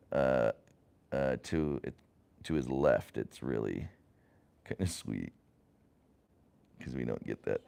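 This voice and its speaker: A man's voice: deep voice, gravelly, darkish tone, smooth. A man hosting a casual family livestream, rambling with lots of fillers and restarts.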